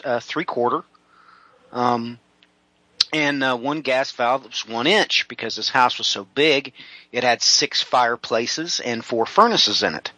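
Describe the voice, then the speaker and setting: A middle-aged man, a home builder, telling a personal story in an interview, rambling with many drawn-out "uh" fillers. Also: a little high, pushed and bright, no room sound, low-quality recording.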